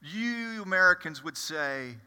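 A man's voice: high voice, lively intonation, unhurried, pushed and bright, smooth, exaggerated voice. A man playing blunt, impetuous apostle Peter. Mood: storytelling. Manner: chatty, confiding asides to the audience. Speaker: preacher performing a first-person monologue. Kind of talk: dramatic first-person monologue. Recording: echoey hall.

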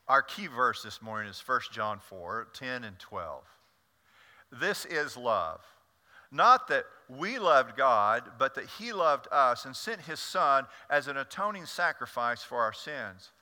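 A man preaching a sermon to his congregation as their pastor, telling stories with an animated delivery and often stumbling over repeated words. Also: medium pitch. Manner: animated storytelling with frequent stammered repeats. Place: church sanctuary. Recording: long church reverb.

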